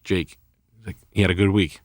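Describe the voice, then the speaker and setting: A man's voice: low-pitched, fairly even intonation, fairly quick, no room sound, studio quality. A man telling a rambling, profane story in a casual podcast chat. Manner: rambling and profane, heavy swearing. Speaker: podcast co-host.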